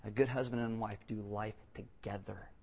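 A man's voice: lowish voice, moderate pace, lo-fi sound. A male pastor preaching a sermon with humor, acting out voices for the people he quotes. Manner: animated, joking, acts out quotes in voices.

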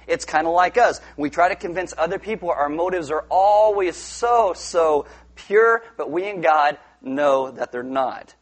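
A middle-aged man preaching a sermon, telling a Bible story with lively asides and playful voices for the characters. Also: fairly high pitch, a little slow. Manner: animated storytelling, acting out characters with funny voices. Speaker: pastor.

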